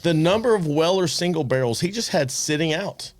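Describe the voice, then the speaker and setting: A man hosting a podcast, telling animated anecdotes with restarts and chuckles. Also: on the high side, a little fast, dry recording. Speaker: podcast host. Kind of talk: casual storytelling chat.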